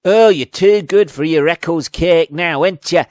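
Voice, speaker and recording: A man putting on a hammy Northern English accent to play a gruff working-class parent who scolds a dreamer. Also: fairly high pitch, measured pace, a little mellow, no room sound, clean studio sound, pitched above the performer's own voice, lightly acted. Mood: sneering. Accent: put-on Northern English. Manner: mocking, hammy, overdone. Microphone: studio podcast mic.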